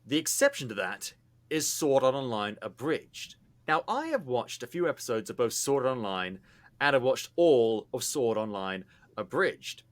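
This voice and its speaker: A man's voice: medium pitch, sing-song, moderate pace. A man co-hosting a casual podcast chat, talking in an emphatic, teasing way. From not American. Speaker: podcast co-host.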